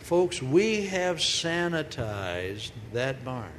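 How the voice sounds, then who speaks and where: A woman giving a humorous sermon in a large hall, telling stories in a lively way and acting out the voices she quotes. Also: rumbling low, drawn-out words. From grew up on a farm. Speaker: speaker, preacher. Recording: long hall reverb, faint noise.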